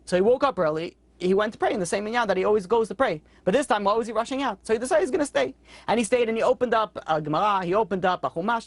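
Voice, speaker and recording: Fast-talking rabbi telling a story. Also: male voice, dry recording. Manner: quick, conversational, acts out characters with sudden high-pitched outbursts. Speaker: rabbi teaching a weekly class. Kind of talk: storytelling Torah class.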